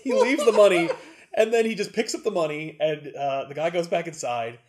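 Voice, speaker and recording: A man's voice: on the high side, fairly quick. A man co-hosting a casual podcast, animatedly retelling a comic and acting out the characters. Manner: animated storyteller who acts out characters. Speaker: podcast co-host recapping a comic. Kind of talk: casual chat.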